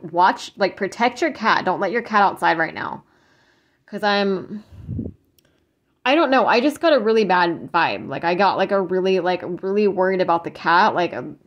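A woman giving a casual psychic tarot reading, talking in a rambling, earnest way with many restarts and fillers, and openly moved as she speaks. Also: lowish voice. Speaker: tarot reader.

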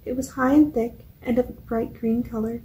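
A woman reading a children's book aloud at a library storytime, with a steady, clear delivery. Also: a little high, moderate pace, low-quality recording. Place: public library.

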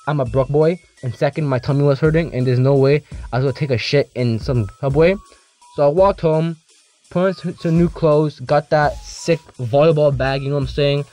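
A teenage boy telling a casual storytime, rambling and slangy, with lots of restarts and animated asides. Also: fairly high pitch. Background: faint background music.

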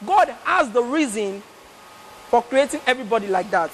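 A man's voice: very high-pitched, animated, normal speed. A young man with a Nigerian Pidgin accent doing chatty, teasing live stand-up comedy, telling stories. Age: young adult. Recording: loud live crowd and noisy venue.

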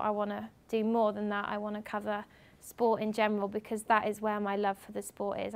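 A young woman from England giving a lively talk to students at a university as a guest speaker, acting out what other people said as she tells her stories. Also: mid-range voice. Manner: animated storytelling, acting out others' lines. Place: university lecture room.

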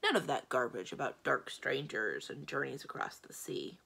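Woman doing a humble, gravelly ogre servant. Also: extremely low pitch, big pitch swings, normal speed, a bit bright, voice pushed down, heavily acted. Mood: earnest. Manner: plodding, humble and deferential. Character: anxious loyal male ogre servant, former sword swallower.

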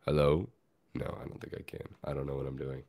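A man hosting a podcast in casual chat, with a deep bear-like voice and a laid-back, rambling way of talking. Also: flat delivery, a little fast, dark tone. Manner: laid-back, rambling, lots of filler words. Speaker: podcast host.

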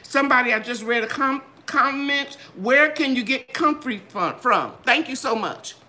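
An older woman hosting a gardening channel, chatting in a live Q and A with a lively, sing-song delivery. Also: normal speed. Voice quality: bright, trained singer's voice. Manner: animated, sing-song ups and downs in pitch. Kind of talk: live Q and A chat.

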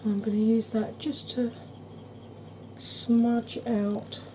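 A woman chatting gently through an ASMR makeup tutorial, calling viewers "darling". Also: fairly high pitch, little pitch movement, slow, slight background noise. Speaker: beauty vlogger.

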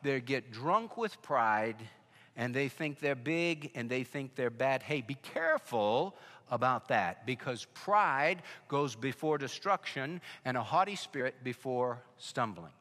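In an echoey church sanctuary, a pastor preaches a sermon, telling stories and addressing listeners directly with emphatic warnings. His mid-range voice is a bit bright, with lively intonation and a measured pace.

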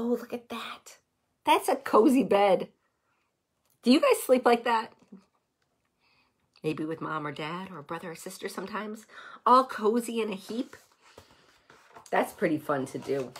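A woman reading a picture book aloud to young children, gentle and expressive, stopping to comment on the pictures and ask the kids questions. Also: a little high, breathy edge. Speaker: children's story reader.

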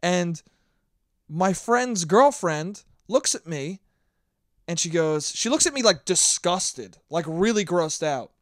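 A young man hosting his own podcast, ranting with lots of swearing and sometimes shouting into a handheld mic. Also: sits high, slow pace, no echo, clean studio sound. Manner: profane, animated ranting; shouting at times. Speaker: podcast host. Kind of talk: solo podcast monologue.

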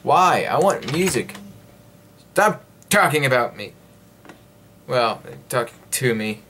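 A man's voice: mid-range voice, lively intonation, takes it slowly, fairly bright tone. A man giving rambling, jokey commentary while he plays a video game, talking to himself and his viewers. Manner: rambling, jokey self-talk; breaks into playful singing. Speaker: gaming video host. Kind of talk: casual let's-play commentary.

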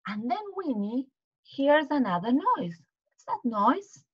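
A woman teaching to children, retelling a storybook in an animated way, with gasps and questions to the kids. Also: high voice, takes it slowly, husky, lo-fi sound.

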